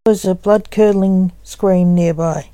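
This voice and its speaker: A woman reading a gothic story aloud as narrator, in an even, unhurried manner. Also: fairly low pitch, clean tone, dry recording.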